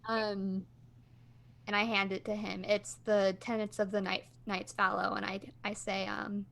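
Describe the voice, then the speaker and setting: A woman's voice: mid-range voice, level tone, a little slow, vocal fry, fairly bright tone. A woman playing in a tabletop role-playing game who talks hesitantly and trails off mid-thought. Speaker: player. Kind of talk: casual tabletop play.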